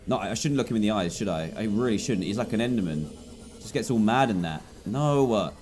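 English guy narrating his game, low voice that jumps all over, bit of faint hiss behind. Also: animated, brisk. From England. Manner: jumpy, chatty, swings between low mutters and loud yelps. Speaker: gaming YouTuber. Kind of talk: gameplay commentary.

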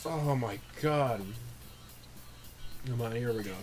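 A young man recording let's play commentary, swearing and swinging from low muttering to sudden shrieks of disgust. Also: slow, a little mellow, soft background music. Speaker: gamer, channel host.

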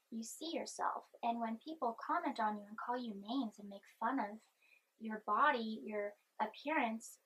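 Brief: young woman vlogger, soft-spoken, slightly high and breathy, anxious, rambling while chewing gum. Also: low-quality recording. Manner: chatty, meandering, chewing gum. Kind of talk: rambling personal vlog.

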